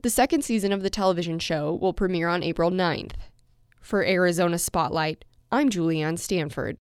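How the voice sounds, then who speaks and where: Smooth woman radio reporter. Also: on the low side, moderate pace, no echo, studio quality. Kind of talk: scripted radio narration.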